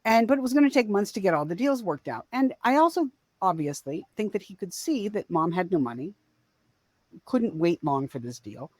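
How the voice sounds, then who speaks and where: A woman's voice: mid-range voice, big pitch swings, moderate pace, a little mellow, no room sound. A woman in her forties co-hosting a podcast, telling a family story in a rambling, self-correcting way. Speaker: podcast co-host. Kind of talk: casual storytelling chat.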